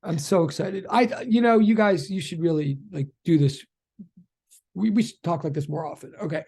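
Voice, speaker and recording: A physics teacher giving a live online lecture, chatty and excitable, often repeating questions to students in the chat. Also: medium pitch, brisk.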